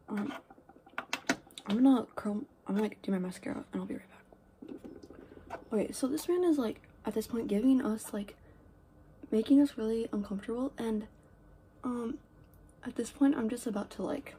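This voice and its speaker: A teenage girl rambling through a casual get-ready-with-me story, full of "like" and "um", with quiet asides. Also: on the high side, normal speed, pauses often, noisy background. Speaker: vlogger.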